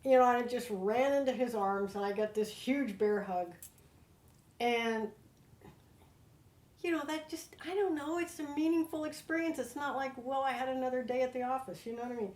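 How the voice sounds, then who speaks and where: An older American woman, a guest, telling her own story with heartfelt, animated feeling. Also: a little high, normal speed. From United States. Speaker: interview guest. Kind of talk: personal storytelling. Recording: roomy echo.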